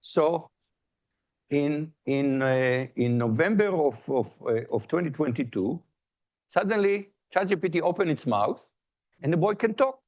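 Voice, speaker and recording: A man's voice: fairly high pitch, lively intonation, a little slow, a little mellow, lo-fi sound. A man giving a colloquium talk in a lecture hall, speaking conversationally with jokes, anecdotes and frequent restarts.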